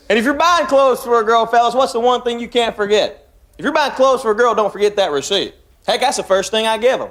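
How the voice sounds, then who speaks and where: A man's voice: very high-pitched, fast talker. A man from Tennessee with a Southern drawl, doing a stand-up comedy set and acting out the dialogue in his stories. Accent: Southern US (East Tennessee). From Tennessee, USA. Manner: folksy drawling storyteller, acts out dialogue. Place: comedy club stage with live audience. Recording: live club recording, loud audience laughter and room noise.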